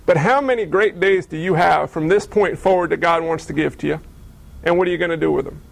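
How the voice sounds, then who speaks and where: Guy preaching, high voice with lots of gravel, chatty storytelling, dry close sound. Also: fairly quick, no echo, low-quality recording. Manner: storytelling, conversational, rhetorical questions. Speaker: pastor. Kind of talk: sermon.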